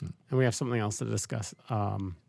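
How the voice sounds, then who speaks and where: A man's voice: lowish voice, steady tone, brisk, vocal fry, mellow, no room sound. A man co-hosting a podcast, steadily reading out a movie's plot between casual remarks. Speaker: podcast co-host.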